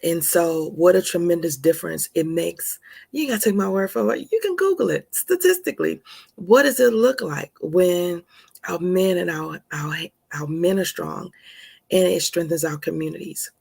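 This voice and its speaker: A woman hosting a casual live stream, talking in a lively, playful and encouraging way with drawn-out emphasis, recorded on a phone. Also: fairly low pitch, gravelly, husky, no echo.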